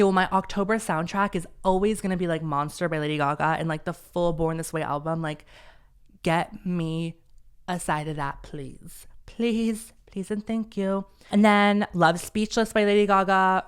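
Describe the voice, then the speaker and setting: Chatty young man with a smooth voice. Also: high-pitched, brisk. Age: young adult. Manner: chatty, rambling and self-deprecating, with lots of "like" and "um". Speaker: podcast host. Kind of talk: casual solo podcast chat.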